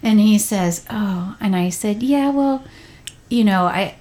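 A woman's voice: mid-range voice, slow. A woman hosting a casual family podcast, telling stories about her son with frequent laughter. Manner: lively storyteller, laughs often, voices a child's lines. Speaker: podcast host and mother. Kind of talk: casual chat.

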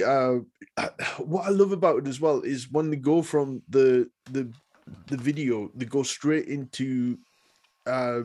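A man's voice: medium pitch, darkish tone. A man co-hosting a podcast, chatting enthusiastically with lots of fillers. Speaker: podcast co-host. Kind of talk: casual chat.

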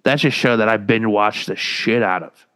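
A man's voice: on the low side, normal speed, clean tone. A man co-hosting a podcast in casual banter, swearing freely and acting out what other people said. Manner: profane, animated storyteller who acts out quotes. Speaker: podcast co-host.

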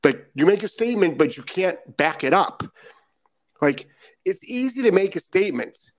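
A man's voice: sits high, big pitch swings, normal speed, no room sound. Blunt, emphatic male podcast host. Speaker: podcast host and dog trainer. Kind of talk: casual morning podcast monologue.

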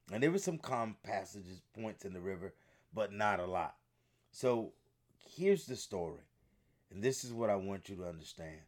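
Emphatic preaching podcast host, low voice. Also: male voice. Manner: builds to loud emphatic commands, storytelling with rising energy.

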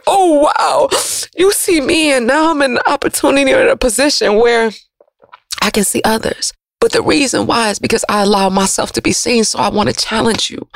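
A woman radio host, giving an emotional, preachy motivational monologue that swings from loud to soft. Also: high-pitched, dry recording, studio quality.

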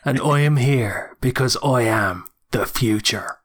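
Impression: Irish man doing a male Irish wrestler, slow and deliberate. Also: medium pitch, lightly acted.

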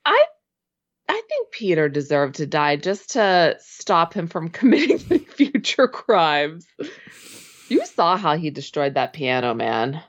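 A young woman co-hosting a casual movie podcast, giggly and animated as she retells scenes. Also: deep voice, a little slow, dull audio. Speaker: podcast co-host.

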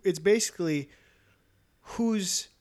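A man's voice: high voice, slow. A man co-hosting a podcast in casual chat, teasing and joking with his partner. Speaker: podcast co-host.

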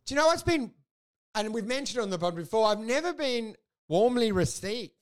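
A man's voice: very high voice, moderate pace. A man co-hosting a podcast, telling crude, rambling stories in casual comedic chat. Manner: crude, rambling, animated storytelling. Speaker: podcast co-host.

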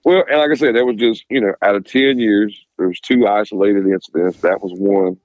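A middle-aged man, a former police officer, telling stories casually in a podcast interview, animated and cursing freely. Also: fairly low pitch, a little fast, no echo, muffled recording. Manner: animated, swears freely, acts out quoted voices.

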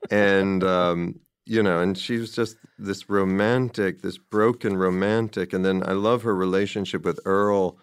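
A man's voice: sits low, steady tone, measured pace, few pauses, clear, resonant tone, no room sound, studio quality. A man in casual conversation, rambling with enthusiasm about a film and quoting its dialogue along the way.

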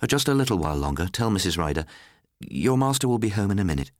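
A man reading a story aloud, voicing a bitter middle-aged mother in a higher, shrill voice. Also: sing-song, fast, no room sound, studio quality. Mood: anxious. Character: bitter, harsh mother, woman of middle age.

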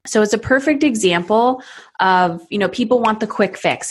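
A woman's voice: on the high side, moderate pace, husky. A woman in her thirties, a parenting coach, talking in a podcast conversation and acting out little scenes in different voices. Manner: animated, acts out scenes with voices.

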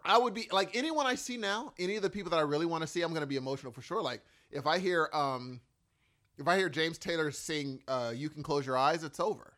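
Here a forties-aged man speaks fast in a slightly high voice during a casual chat. He's an animated, emotional storyteller who acts out what others said.

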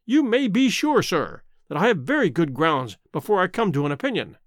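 A man putting on a spiteful old squire in a storybook reading, full of pompous indignation and bluster. The voice sits high and leaps about in pitch, caught on a dry close mic. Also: sing-song, normal speed, no echo. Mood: excited.

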